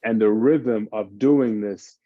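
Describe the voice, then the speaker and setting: A man, a fitness expert on a parenting panel, explaining exercise routines in an animated, casual way. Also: lowish voice, takes it slowly, dry recording, narrow, tinny audio. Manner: animated, explains by acting out his kids' games.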